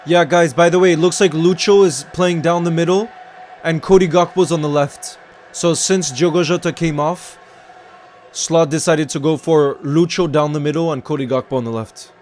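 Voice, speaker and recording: Excitable man streaming a match watchalong. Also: a little high, normal speed. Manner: excitable, reacting to play and greeting viewers. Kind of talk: live match watchalong commentary.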